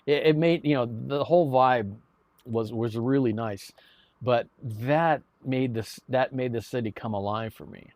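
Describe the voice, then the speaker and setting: Man, live streamer, casual chat, rambling, repeats words, medium pitch, dry sound. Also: a little slow, a little mellow, no echo. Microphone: streaming mic.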